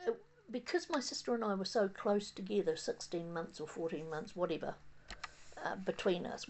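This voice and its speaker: A woman's voice: medium pitch, gravelly, a little mellow, slight background noise. Rambling older New Zealand woman. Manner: rambling, halting, many fillers and restarts. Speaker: vlogger. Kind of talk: casual reminiscing monologue. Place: outdoors on a windy day.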